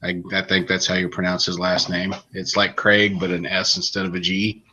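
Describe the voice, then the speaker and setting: A man with a low-pitched voice speaks at a moderate pace, the highs cut off in the audio. As a podcast co-host reviewing books, he casually retells a plot in a relaxed, rambling way, restarting sentences along the way.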